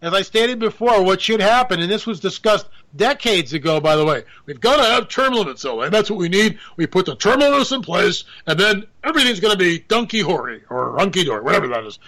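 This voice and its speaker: A man's voice: pushed and bright, rough recording. A man, a radio host, giving a joking, sarcastic political commentary monologue. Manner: joking, sarcastic, pitch jumping up for emphasis.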